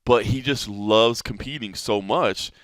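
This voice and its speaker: A man co-hosting a podcast, talking in a relaxed, conversational way with plenty of fillers. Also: on the low side, a little slow, no echo, studio quality. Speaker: podcast co-host. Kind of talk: casual chat.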